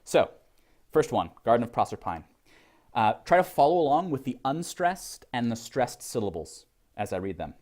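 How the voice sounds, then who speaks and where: Male literature lecturer, classroom lecture, pitch swooping up and down, hesitant, lots of ums, questions to the students. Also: sing-song, a little mellow. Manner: reads verse slowly with heavy stress.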